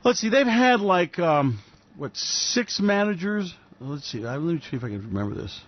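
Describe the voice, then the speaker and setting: A man's voice: a little high, very animated, normal speed, dull audio. A man hosting a radio show, ranting in a sarcastic, profane, mocking way. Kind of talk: solo financial commentary rant.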